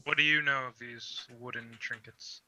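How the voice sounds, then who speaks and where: A man playing a tabletop role-playing game, speaking softly as his character. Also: mid-range voice, fairly even intonation, moderate pace, no echo, low-quality recording. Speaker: player.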